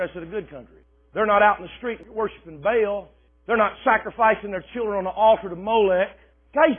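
Man, pastor preaching, very high voice, husky, tinny phone-like sound, bursts of shouting. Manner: animated preaching, swings from soft asides to shouting, laughs often. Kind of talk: sermon.

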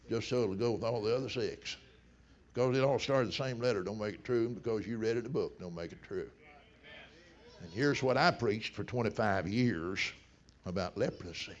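A middle-aged man preaching a sermon, telling stories in a folksy way that swings between loud bursts and hushed low passages. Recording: dull lo-fi sound.

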